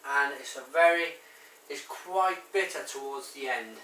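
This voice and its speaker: Bright-voiced Welsh man reviewing beer. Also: medium pitch, unhurried, far from the mic, a little hiss or hum. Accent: Welsh, Barry. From Wales. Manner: chatty, rambling with many ums and restarts. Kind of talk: casual review to camera. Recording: echoey room, voice off-mic.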